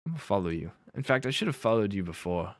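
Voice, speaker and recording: A man's voice: lowish voice, very animated, fast talker, dry recording, studio quality. A man streaming live and chatting casually with his viewers. He rambles, corrects himself and laughs often.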